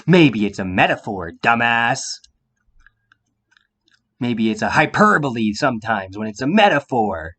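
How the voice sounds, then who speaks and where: A man in a heated monologue to the viewer, confrontational, firing rhetorical questions and swearing, sometimes going quiet and calm. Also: mid-range voice, unhurried, pauses often. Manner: drops into a quiet calm voice at times. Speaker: vlogger.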